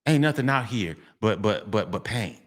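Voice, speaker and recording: A man's voice: fairly low pitch, animated, normal speed. A middle-aged man, delivering a street monologue vlog, preachy and repetitive, often breaking into sing-song refrains. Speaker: vlogger.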